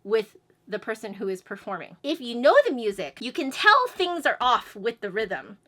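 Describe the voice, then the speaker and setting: A woman teaching music in an energetic, chatty way, her voice bright and crisp. She sits a little higher than most women and breaks into sung syllables to show the beat. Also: moderate pace. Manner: explains then sings syllables to demonstrate beats. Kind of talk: instructional video lesson.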